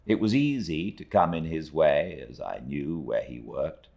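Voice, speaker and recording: Very deep, slow male audiobook narrator. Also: gravelly. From Britain. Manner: measured, expressive storytelling. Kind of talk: unabridged audiobook reading.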